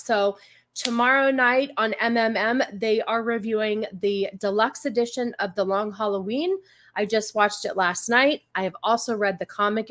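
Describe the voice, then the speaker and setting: A woman's voice: medium pitch, fairly bright tone. A woman hosting a casual livestream, chatty and rambling with many fillers. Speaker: livestream host.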